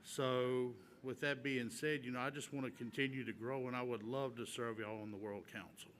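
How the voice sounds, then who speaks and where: Man, folksy, nervous, campaign speech, bright tone, faint hiss. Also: mid-range voice, fairly even intonation, moderate pace. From Virginia, USA. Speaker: campaign speaker. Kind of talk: short campaign speech at a convention. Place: large convention hall.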